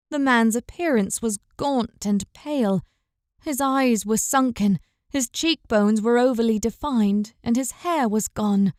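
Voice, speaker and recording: A woman narrating a fantasy audiobook in a measured, even storytelling manner. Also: on the high side, dry recording. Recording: dry, close recording.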